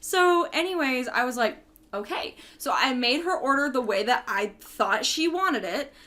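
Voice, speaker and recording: Young woman, high-pitched, lively casual storyteller. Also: unhurried. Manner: animated, laughing storyteller acting out customers. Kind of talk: casual chat.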